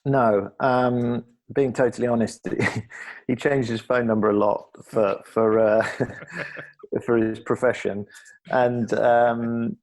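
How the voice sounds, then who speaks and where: A man's voice: mid-range voice, flat delivery, takes it slowly, a little mellow. A middle-aged man from England speaking as a podcast guest, earnest and reflective, often restarting his sentences. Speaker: podcast guest, former athlete. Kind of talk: candid conversational interview.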